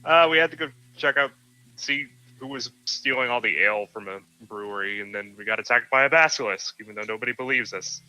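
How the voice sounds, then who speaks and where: Bright-voiced man playing a tabletop game, hesitant. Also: medium pitch, a little fast, faint music behind, poor audio. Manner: hesitant, stammering. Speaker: player. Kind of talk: tabletop role-play, casual.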